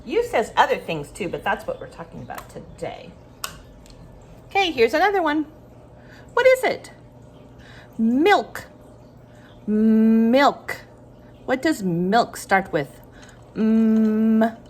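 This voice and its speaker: A woman teaching a phonics lesson to young children, slow and sing-song, giving encouraging prompts and pausing for answers. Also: fairly high pitch, sing-song, husky.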